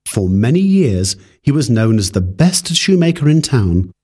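A man reading a fairy tale aloud in a calm, measured way. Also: medium pitch, husky. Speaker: storyteller.

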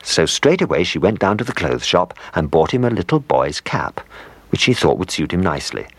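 A man's voice: low-pitched, very animated, brisk, slightly rough, no echo. A man reading a children's story aloud, playful, with asides to the listener.

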